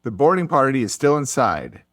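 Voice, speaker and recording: A man's voice: mid-range voice, normal speed, dry recording. Guy cohosting a podcast, casual playful storytelling, dead dry close sound. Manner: animated, playful storytelling with goofy whoops. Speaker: podcast co-host.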